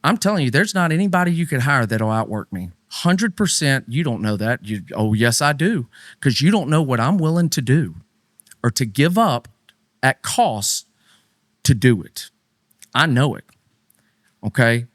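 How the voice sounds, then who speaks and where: A middle-aged man co-hosting a faith podcast in casual talk, swinging between loud, high emphatic bursts and low, quiet asides. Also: expressive, moderate pace, no room sound, studio quality. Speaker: podcast co-host.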